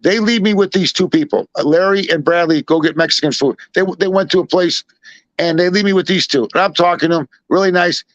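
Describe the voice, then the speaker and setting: A Chicago man whose voice sits high and moves fairly quickly tells a long, wandering anecdote as a guest in casual conversation. His animated retelling is crowded with asides and quoted dialogue, and the dull lo-fi recording is dry with no echo.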